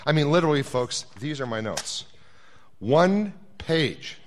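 A man's voice: on the high side, big pitch swings, measured pace, a little hiss or hum. Candid man preaching a sermon. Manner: candid, self-deprecating storytelling. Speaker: pastor.

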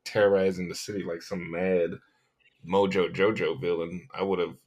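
A man's voice: low voice, little pitch movement, normal speed, a little mellow. A young man co-hosting a casual podcast, joking and laughing along. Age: young adult. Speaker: podcast co-host. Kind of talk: casual chat.

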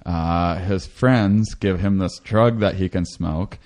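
Rambling man with a low voice. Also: slow pace. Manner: rambling, many restarts, acts out quotes in a high excited voice. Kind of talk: casual conversation.

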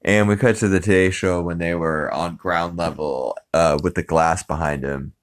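Deep-voiced guy recapping a cartoon, rambly, lots of uhs and ums. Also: steady tone, moderate pace. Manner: rambling, many fillers. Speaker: podcast host. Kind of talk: casual episode recap.

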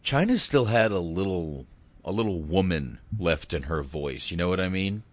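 A man's voice: low-pitched, animated, moderate pace. A man hosting a casual film chat, rambling and crude, with many hesitations. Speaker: podcast host.

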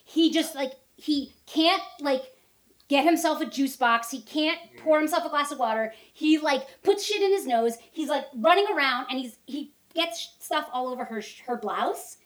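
A woman co-hosting a podcast in casual chat, telling a story in an animated way. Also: high-pitched, moderate pace, reverberant. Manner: animated storytelling, acts out quotes. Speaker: podcast co-host.

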